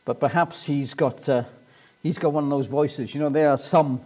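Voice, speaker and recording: A man preaching a sermon, retelling a story in an animated way and rising to emphatic points. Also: on the high side, moderate pace.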